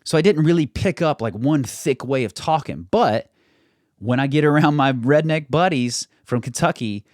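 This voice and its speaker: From a home studio, a young man from the United States hosts his YouTube channel in a casual, chatty monologue, poking fun at himself. His fairly high, expressive voice is a little mellow and moves at a moderate pace; his accent is mild general American with hardly any regional hint, and the recording is dry.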